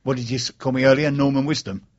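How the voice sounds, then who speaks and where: A man's voice: mid-range voice, fairly even intonation, quick pace. A man hosting a radio talk show in a chatty, jokey way, welcoming guests and reading out messages. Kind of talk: casual radio chat. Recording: dull lo-fi radio recording.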